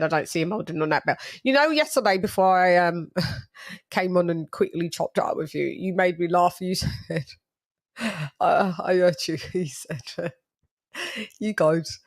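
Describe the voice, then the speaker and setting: A woman hosting a boxing podcast in casual, gossipy and blunt chat. She laughs often and repeats words as she talks. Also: on the low side.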